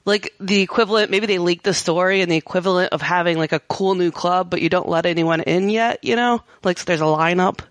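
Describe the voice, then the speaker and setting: A woman from the American Midwest with a Midwestern accent and a low, rough voice, chatting casually on a tech podcast and laughing easily. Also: brisk, few pauses, no room sound. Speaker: podcast co-host.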